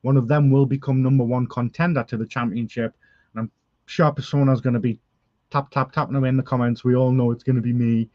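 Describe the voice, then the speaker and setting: A man's voice: mid-range voice, steady tone, fast talker, no room sound, dull audio. A man cutting a dramatic, emotional wrestling promo as general manager. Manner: dramatic, earnest, emotional outbursts.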